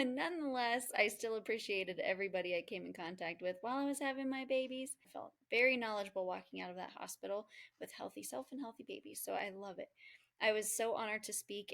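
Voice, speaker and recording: Woman podcast host, casual intro. Gravelly, creaky voice, relaxed and warm, talks straight to listeners. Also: medium pitch.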